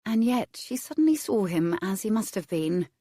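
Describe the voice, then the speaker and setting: A woman reading a romance novel aloud as its narrator, measured and expressive. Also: mid-range voice, no echo, clean studio sound. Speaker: audiobook narrator.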